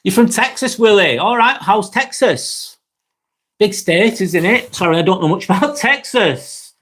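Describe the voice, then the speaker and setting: A man's voice: high voice, lively intonation, unhurried, a bit bright. A man with a Lancashire accent hosting a laid-back live vlog, chatting to viewers and answering their comments, swearing freely and often restarting his sentences. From Northwest England. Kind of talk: casual live-stream chat, reading viewer comments.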